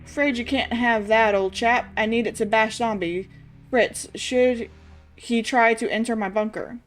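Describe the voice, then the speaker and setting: Brief: a woman doing a pompous old brigadier, posh put-on accent, pitched higher, over faint music. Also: unhurried, close to an everyday voice. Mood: blustering. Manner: posh put-on British accent, attempted and shaky. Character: blustering old British army brigadier, eccentric, man. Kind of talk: reading game dialogue aloud on stream.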